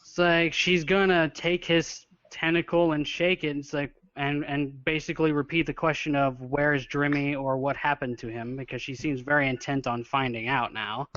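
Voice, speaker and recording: A man with a fairly high voice describes his character's actions in a tabletop game, often stopping to search for words. The sound is dry and close, but the recording is dull and lo-fi. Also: little pitch movement, moderate pace, few pauses, a bit bright, no echo. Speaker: player. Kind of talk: casual tabletop play.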